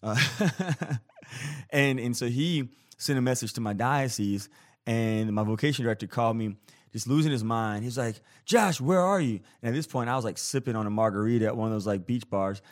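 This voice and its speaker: Playful, animated man hosting a podcast. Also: medium pitch, moderate pace. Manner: animated, playful storyteller who acts out scenes; jokey, self-deprecating. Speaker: podcast host. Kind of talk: casual storytelling podcast.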